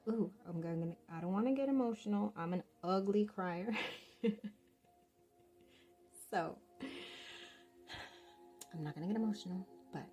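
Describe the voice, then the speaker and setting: A woman giving a pick-a-card tarot reading straight to the viewer, gentle and reassuring, calling them "love". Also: low-pitched. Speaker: tarot reader.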